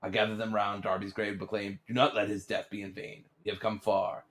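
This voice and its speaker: A man's voice: level tone, a bit bright, lightly acted. A man putting on a solemn pirate captain. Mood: grave. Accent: put-on pirate accent. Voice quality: low, measured and grandly formal. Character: solemn old-time male pirate captain writing a journal. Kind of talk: reading game journal entries aloud.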